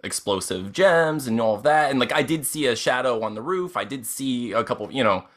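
A man's voice: mid-range voice, expressive, a little fast. A man in casual chat at a game table, rambling through his thoughts. He starts and restarts his sentences often. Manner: rambling, laughs often, many fillers. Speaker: player.

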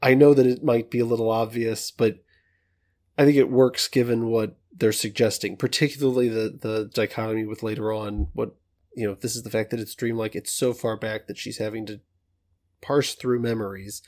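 A man co-hosting a film podcast, measured and hesitant as he thinks through his opinions. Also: lowish voice, fairly even intonation, darkish tone. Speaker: podcast co-host. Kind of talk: casual film discussion.

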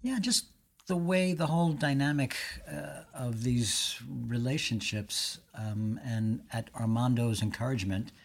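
A man, an actor guest in an interview, who speaks haltingly with many ums and you-knows. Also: mid-range voice. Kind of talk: interview chat.

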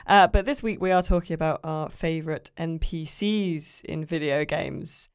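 A woman hosting a gaming podcast in a smooth, slightly low voice. She is playful and teasing as she steers the chat, and the recording is dry and close to the mic. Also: no room sound. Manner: playful, teasing, quick to laugh along. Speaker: podcast host.

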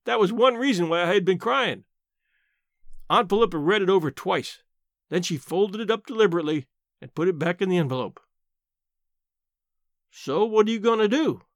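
A man narrating a first-person novel as an audiobook, with expressive storytelling delivery. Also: sits high, fairly quick, no echo, clean studio sound.

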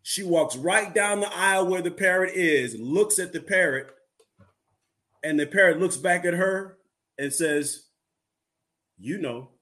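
A man co-hosting a podcast with a fairly high voice. He tells jokes in a relaxed, storytelling way and lets the punchlines hang. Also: measured pace. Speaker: podcast co-host. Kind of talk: casual joke-telling.

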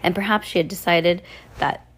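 A woman's voice: lowish voice, fairly even intonation, normal speed, a bit bright, slight background noise. A woman reading a novel aloud in an unpolished way, often stumbling and correcting herself. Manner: unpolished, frequent restarts and self-corrections. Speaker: reader.

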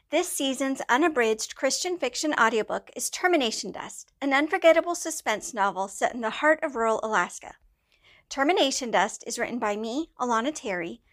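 A woman host opens a podcast with a scripted introduction and a sponsor read. Her voice sits high and her delivery is bright and promotional.

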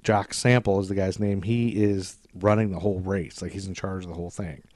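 A low-pitched man rambles through a story on a podcast, casual and loose, jumping into character voices for quotes. His voice is recorded dry and close, with no room sound. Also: steady tone, a little fast, a little mellow, no echo. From Scottish descent, grew up in America. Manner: rambling, acts out quotes in shifting voices, swears freely. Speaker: podcast host.

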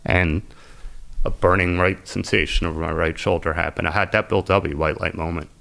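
Very deep gravelly man telling his story. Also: steady tone, moderate pace, sharp tone. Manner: earnest, intense, quotes people as he retells. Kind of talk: emotional personal storytelling.

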